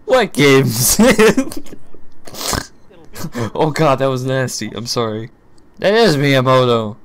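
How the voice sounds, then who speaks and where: A young man reacting live to a video presentation, excitable, shouting, swearing and gasping. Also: medium pitch, a little slow, clean tone.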